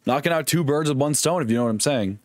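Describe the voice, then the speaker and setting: A young man streaming a video game, chatting casually in a rambling, jokey, excitable way and swearing often. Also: medium pitch, quick pace, no echo, clean studio sound. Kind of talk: casual live-stream gaming chat.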